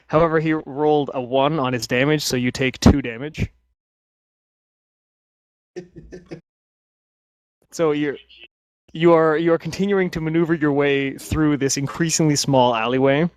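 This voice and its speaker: A man's voice: on the high side, steady tone, unhurried, pauses often, no room sound. A man narrating a tabletop game as game master, often restarting and hesitating mid-sentence.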